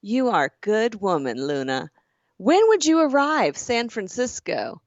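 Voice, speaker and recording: A woman doing a halting texter with broken English. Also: on the high side, very animated, no echo, lo-fi sound. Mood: chatty. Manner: halting, broken, formal phrasing.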